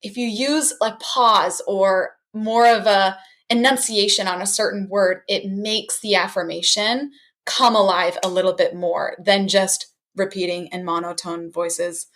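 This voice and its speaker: A woman's voice: medium pitch, fairly even intonation, unhurried, fairly bright tone. A woman who teaches art, a guest in a casual podcast interview, talking expressively and slipping into classroom voices as she explains.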